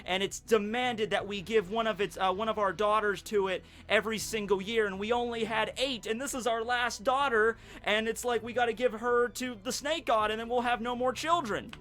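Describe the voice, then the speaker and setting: Man doing a high, fretful, frightened parent. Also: steady tone, moderate pace, hardly any pauses, a bit bright. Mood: fearful. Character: frightened grieving parent begging a wandering god for help.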